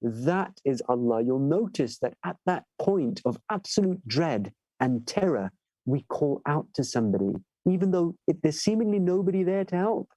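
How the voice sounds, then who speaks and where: A man giving a sermon, telling stories with animated delivery and asking listeners "right?" as he goes. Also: fairly high pitch, normal speed, no room sound, muffled recording. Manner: animated storyteller, acts out voices in tales. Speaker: shaykh giving a majlis lecture. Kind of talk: sermon with storytelling.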